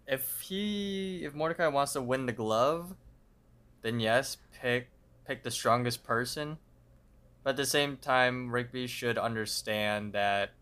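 Man, podcast co-host, casual banter, clear voice, mid pitch. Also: sharp tone. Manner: short joking interjections.

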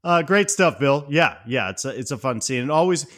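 A man's voice: on the high side, animated, normal speed, fairly bright tone. A man co-hosting a podcast, reacting with strong feeling to a movie scene in casual chat. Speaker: podcast co-host.

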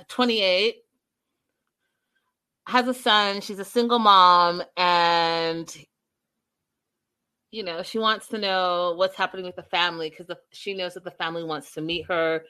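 Bright-voiced, chatty woman host. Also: mid-range voice, measured pace, pauses often, clean tone. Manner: chatty, addresses viewers directly. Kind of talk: live reality-show recap chat.

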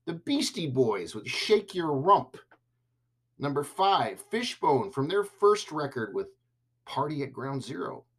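A man hosting his own podcast, chatting casually and enthusiastically to listeners, joking as he runs through a playlist and shout-outs. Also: mid-range voice. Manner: upbeat, enthusiastic, jokey with listeners. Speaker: podcast host. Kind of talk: casual solo podcast talk.

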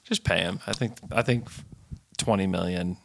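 A man's voice: low-pitched, normal speed, gravelly. A man co-hosting a podcast, talking about a basketball player with an enthusiastic, casual manner and many fillers. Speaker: podcast co-host. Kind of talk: casual sports chat.

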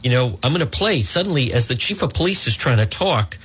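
Indignant husky-voiced talk radio host man. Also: mid-range voice, animated, brisk, a bit bright. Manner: indignant, ranting, reads live ads.

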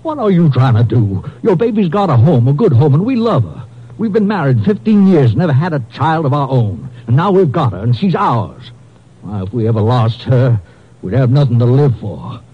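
A man's voice: medium pitch, sing-song, moderate pace, slightly rough. An actor playing an anxious middle-aged male car dealer in a vintage radio drama, nervous and stammering. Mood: pleading. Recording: muffled old radio recording.

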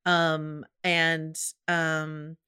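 A woman co-hosts a podcast in lively, emotional chat and swears freely as she talks. Her voice is bright and forward. The sound is close and dry. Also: deep voice, extremely slow, smooth, no room sound. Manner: animated, emotional, swears casually. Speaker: podcast co-host. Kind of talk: casual chat.

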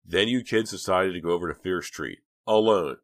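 Male reader doing doubtful cop in an audiobook, loud, dry close sound. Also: low-pitched, moderate pace, dry recording, natural voice. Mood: disbelieving. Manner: flat, disbelieving. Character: disbelieving male police detective.

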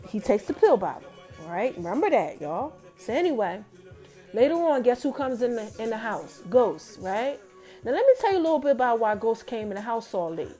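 High-voiced woman recapping a TV episode. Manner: animated storytelling, talking straight to viewers. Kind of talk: casual TV recap.

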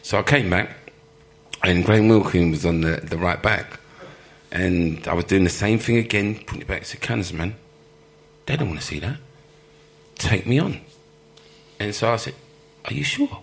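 Deep, gravelly man telling stories. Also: normal speed, long pauses. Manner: animated storyteller, laughs often, acts out quoted voices. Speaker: former professional footballer, guest. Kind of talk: live storytelling interview.

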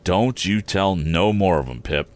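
A man voicing a kindly, simple village blacksmith who talks slowly in a homely rustic dialect. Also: low-pitched, expressive. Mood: earnest.

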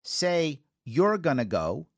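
An American man in his forties hosts a talk show and tells his stories with real animation, acting out the people he quotes. His voice rides up and down over a fairly high pitch. The sound is close and dry, with no room around it. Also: slow pace, no room sound. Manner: animated storytelling, acts out quotes, giggles. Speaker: radio talk show host. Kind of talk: casual talk show monologue.

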